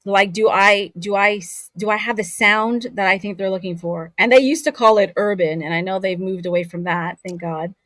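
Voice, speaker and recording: A woman's voice: mid-range voice, moderate pace, hardly any pauses, no room sound. A woman raised in Saudi Arabia, a voice actor telling stories candidly in a casual interview. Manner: candid, animated storyteller. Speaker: voice actor guest.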